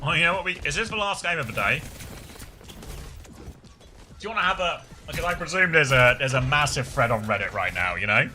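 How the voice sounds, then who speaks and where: With a fairly high, bright and forceful voice, a man from the south of England co-streams an esports match, speaking briskly but pausing often over soft background music. He chats with viewers in casual commentary, laughing often.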